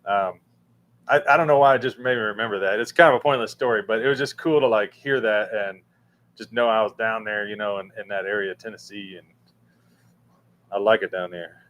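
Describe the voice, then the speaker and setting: A man with a fairly low, slightly bright voice talks briskly while hosting a casual livestream. He reads and answers chat, rambling with many fillers and restarts, in a room where a fan is running.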